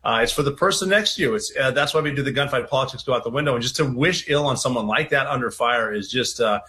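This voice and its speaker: A man speaking as a veteran guest in an interview clip, earnest and halting. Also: mid-range voice, pushed and bright.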